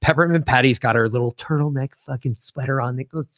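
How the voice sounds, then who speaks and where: A man's voice: medium pitch, fast talker, fairly bright tone, no room sound. Middle-aged male podcast host, profane ranter, dry close sound. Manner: profane, ranting storyteller. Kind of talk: casual chat.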